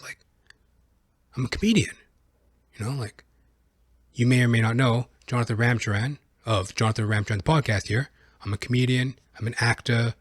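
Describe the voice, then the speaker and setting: A man's voice: medium pitch, slightly rough, no echo. A young adult man, a comedian hosting his own podcast, telling a comic story and acting out scenes with sudden screams.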